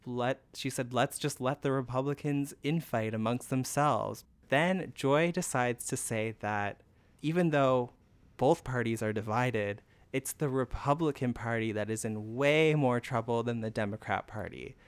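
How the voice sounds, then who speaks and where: A man talking in a slow, unhurried way on a casual podcast. He tells the story and acts out what others said, laughing along. The sound is dry and close. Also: medium pitch, smooth, dry recording. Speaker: podcast co-host. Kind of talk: casual chat recapping a TV show.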